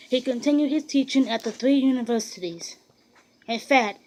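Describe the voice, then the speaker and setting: A woman reading a biography aloud in a steady, even storytelling manner with occasional restarts. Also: fairly high pitch, rough recording. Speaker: narrator.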